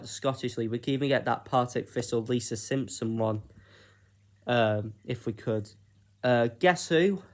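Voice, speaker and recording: Slow-talking British man pitching ideas. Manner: unhurried, hesitant, with frequent fillers. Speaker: YouTuber. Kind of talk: casual solo vlog pitching ideas.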